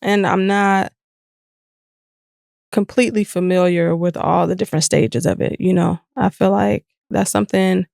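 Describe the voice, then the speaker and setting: A woman's voice: mid-range voice, gravelly, no room sound, clean studio sound. A woman co-hosting a podcast, talking candidly and reflectively in casual chat. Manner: candid, reflective, animated when retelling. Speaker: podcast co-host.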